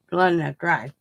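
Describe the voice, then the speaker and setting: A woman's voice: lowish voice, lo-fi sound, noisy background. A woman hosting a casual crafting livestream, chatting loosely as she works and chewing gum while she talks. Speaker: craft channel host.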